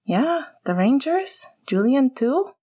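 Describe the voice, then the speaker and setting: A woman voicing a young male hockey player, speaking softly and slowly, often in a whisper. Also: on the low side, husky. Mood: excited. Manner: soft, often whispered, slow.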